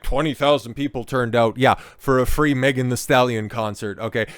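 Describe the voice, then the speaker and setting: A man's voice: medium pitch, smooth, no echo. A man hosting a political commentary vlog, sarcastic and full of mocking asides.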